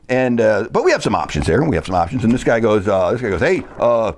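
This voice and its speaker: Sarcastic man with a lively voice. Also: lowish voice. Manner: sarcastic, mimics speakers in quick quotes. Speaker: local commentator recapping a city council meeting. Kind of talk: casual recap monologue.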